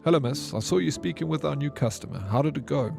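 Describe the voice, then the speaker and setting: A man voicing a polite, gentle tea shop companion who speaks formally with slightly odd phrasing. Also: fairly high pitch, expressive, quick pace, creaky, over music, voice pushed up.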